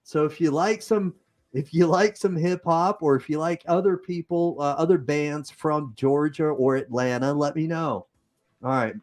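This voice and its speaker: A man's voice: fairly high pitch, moderate pace, darkish tone. Chatty improvising man with a Utah accent. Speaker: host. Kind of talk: casual livestream chat.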